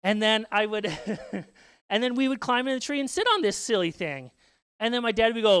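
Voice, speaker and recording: A man's voice: sits high, animated, normal speed, fairly bright tone, smooth, no echo. A man in his thirties from Saskatchewan, a pastor telling family stories in a sermon and acting out children's voices. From Saskatchewan, Canada. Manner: storytelling, acts out children's voices. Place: church sanctuary.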